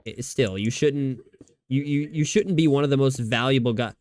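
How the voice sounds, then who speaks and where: A man's voice: mid-range voice, normal speed, darkish tone. A man streaming live, chatting casually and rambling about football, often restarting his sentences and swearing freely. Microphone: desk microphone.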